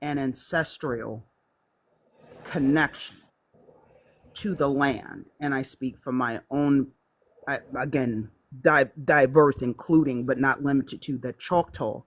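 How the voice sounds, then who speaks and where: A man joining a live stream as a guest, speaking in a measured, formal way with many fillers. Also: mid-range voice, steady tone.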